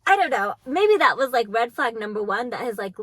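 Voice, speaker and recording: A young woman with a high, bright voice chats through a dating story, giggling and leaning on "like" as she goes. She is close to a dry mic, with no room around her. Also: very animated, fairly quick, no echo. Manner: chatty, giggly, heavy on "like". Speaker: vlogger. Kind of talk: casual storytime chat.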